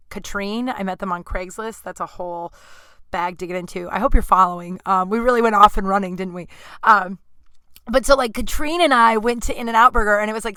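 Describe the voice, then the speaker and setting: Woman in her 30s yapping away on her podcast, smooth clear voice, dry close sound, says like constantly. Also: mid-range voice, bright, forceful tone, dry recording. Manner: rambling, full of "like" fillers and self-asides. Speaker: podcast host. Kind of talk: casual storytelling. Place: home apartment.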